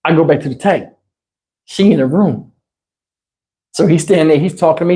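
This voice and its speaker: A man spinning a story on a live stream, animated and full of profanity. He keeps the talk loose and casual, breaking into laughing asides. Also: a little high, normal speed, pauses often. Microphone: wireless lapel mic.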